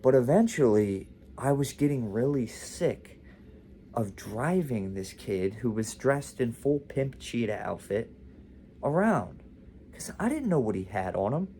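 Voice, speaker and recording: A man's voice: medium pitch, dark tone, a little hiss or hum. A man telling a casual storytime to camera, rambling with frequent "like" and self-interruptions. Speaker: vlog host.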